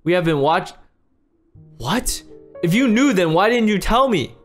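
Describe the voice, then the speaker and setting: A man's voice: high voice, lively intonation, a little slow, soft background music. A man acting out a game role-play as a frantic father, pleading and repeating himself. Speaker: role-play creator and lead player.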